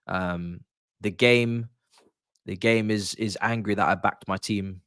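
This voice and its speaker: A man's voice: on the low side, steady tone, slow pace, fairly bright tone, clear, resonant tone, no room sound, clean studio sound. A man giving his views as a football pundit in casual podcast chat, confident and emphatic, often repeating his points.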